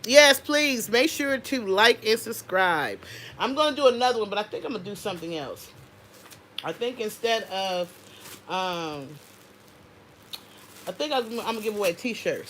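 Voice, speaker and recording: Animated, bright-voiced woman hosting a livestream. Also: medium pitch, moderate pace, a little hiss or hum. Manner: animated, chatty, addresses viewers directly. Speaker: livestream host. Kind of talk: unscripted casual chat.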